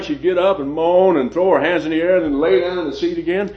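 A man preaching a sermon and telling a personal story, halting and often repeating his words. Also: a little high, darkish tone. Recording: dull lo-fi recording.

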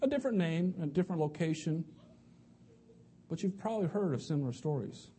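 A man's voice: a little high, expressive, a little fast, mellow, a little hiss or hum. A man giving an evening sermon to a congregation, talking conversationally and often restarting or repeating words. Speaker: preacher.

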